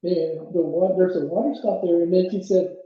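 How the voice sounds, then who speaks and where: A trail runner in his seventies tells a story as an interview guest, rambling, restarting his sentences and chuckling now and then. His high-pitched voice holds a steady tone at a moderate pace. The room is very echoey, the sound dull and lo-fi, with slight background noise.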